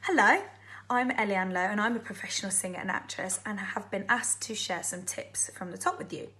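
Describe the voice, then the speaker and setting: A woman's voice: mid-range voice, animated, brisk, bright, forceful tone. Lady, pro singer, friendly thoughtful tips about auditions. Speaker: guest singer and actress. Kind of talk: advice talk to camera.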